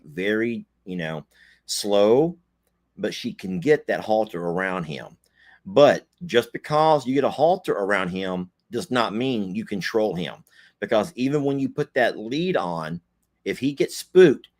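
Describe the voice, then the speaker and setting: A middle-aged man chatting casually on a livestream in a folksy, joking way. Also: fairly low pitch. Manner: folksy, joking, animated asides. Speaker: co-host.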